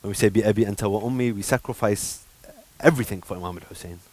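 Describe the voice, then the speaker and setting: A man's voice: on the low side, quick pace, a little mellow. A man on a religious panel reflecting on devotion in his own life. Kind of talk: religious discussion.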